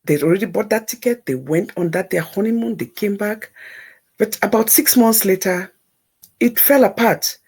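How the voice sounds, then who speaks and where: A woman's voice: mid-range voice, normal speed, a little mellow, slightly rough. A woman telling a personal story on a talk show, emphatic and repeating words for effect.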